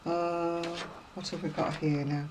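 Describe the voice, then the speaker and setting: A woman's voice: lowish voice, level tone, measured pace, background noise. A woman chatting casually to viewers about craft magazines, rambling and self-deprecating, a little unwell. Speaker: craft vlogger.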